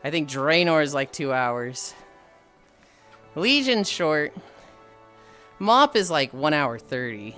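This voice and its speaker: Brief: casual male streamer, lively bright voice, sighs and swears, faint music underneath. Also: a little high, takes it slowly, pauses often. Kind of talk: casual stream chat while walking.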